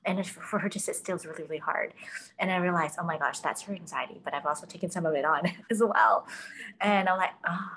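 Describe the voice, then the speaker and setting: A woman's voice: on the low side, quick pace, fairly bright tone, slight background noise, poor audio. A woman hosting a podcast, talking earnestly and self-reflectively in casual conversation, with frequent fillers. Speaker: podcast host.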